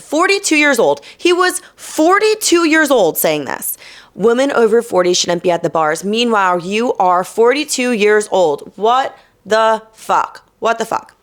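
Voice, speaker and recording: A young woman from New Jersey hosting a podcast, telling a night-out story in a casual, animated way, swearing and quoting people with sass. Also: medium pitch. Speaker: podcast host.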